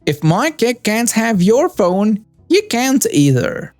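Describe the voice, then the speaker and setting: A man's voice: high-pitched, huge pitch swings, a little slow, vocal fry, darkish tone, no echo, faint music behind, pitched above the performer's own voice, exaggerated voice. A male narrator voicing a demanding, entitled mother in a spoken story. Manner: demanding, insistent.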